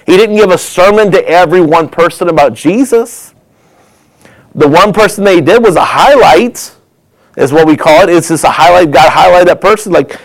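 Man, a bit high, gentle and earnest commentary, sometimes close to a whisper. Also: moderate pace, poor audio. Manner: soft, emotional, sometimes dropping to a whisper; earnest, plain-spoken. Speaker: host reacting to a clip. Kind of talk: reflective commentary.

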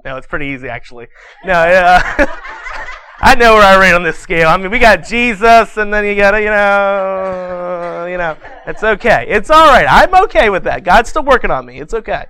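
A man's voice: high voice, expressive, normal speed, sharp tone, clear, resonant tone. A man in his thirties preaching to a congregation in a folksy, joking way, saying y'all and telling a bedtime story about a boy who keeps asking for water. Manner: says y'all. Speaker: pastor. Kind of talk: sermon.

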